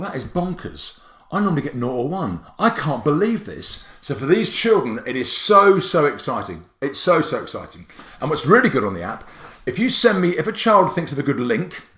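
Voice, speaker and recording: An enthusiastic man walks parents through a spelling app, full of jokes and sudden high squeals of excitement. His pitch swings widely as he talks. The sound is roomy and echoey. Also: moderate pace. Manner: excitable, jokey, swoops up high on exclamations. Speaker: app creator presenting a tutorial. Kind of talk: enthusiastic explanatory walkthrough.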